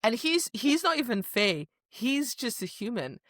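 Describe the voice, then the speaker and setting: A woman's voice: on the high side, unhurried, no echo, studio quality. A woman co-hosting a book podcast in casual chat, acting out character lines as she goes. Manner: animated, acts out character lines. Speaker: podcast co-host.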